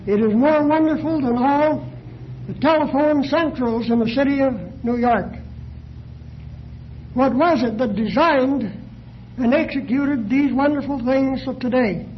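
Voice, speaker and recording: High-voiced man preaching slowly. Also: highs cut off, slight background noise. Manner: measured, deliberate, posing questions to listeners. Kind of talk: sermon.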